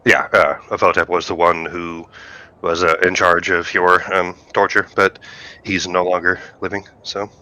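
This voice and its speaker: A man playing a tabletop game, speaking partly in character and hesitating with many pauses. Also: sits low, flat delivery, bright, forceful tone. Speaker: player.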